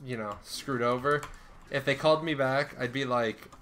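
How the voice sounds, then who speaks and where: A man's voice: mid-range voice, moderate pace. A young man streaming a game live, ranting and swearing as he comments on what he sees. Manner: animated, ranting, swears a lot. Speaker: livestreamer. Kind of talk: casual gameplay commentary.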